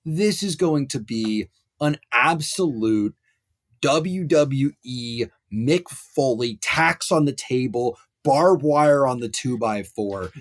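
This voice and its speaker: Animated ranting sports podcast man. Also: mid-range voice. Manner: animated ranting with wrestling and pop culture riffs. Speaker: podcast co-host.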